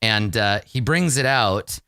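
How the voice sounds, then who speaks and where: A man narrating a tabletop game as game master, animated and giggly in his storytelling. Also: lowish voice, slow pace, dry recording, studio quality.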